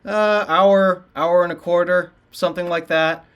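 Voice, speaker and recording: Male podcast co-host, higher pitch, easygoing and chatty. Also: fairly even intonation, a little slow, a bit bright, smooth. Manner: chatty, laughs easily. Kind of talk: casual chat.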